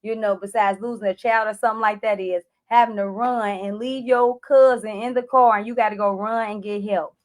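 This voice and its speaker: A clarity coach speaks straight to camera in a mid-range voice, fairly quick with hardly any pauses, sharing an emotional personal story. Animated, she calls viewers "y'all" and acts out her own frantic cries for help.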